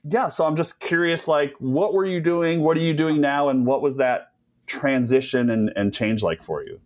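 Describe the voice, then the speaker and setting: A man's voice: on the high side, normal speed. A man hosting a podcast, chatting casually and enthusiastically with a guest and laughing easily. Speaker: podcast host. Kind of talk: casual interview chat.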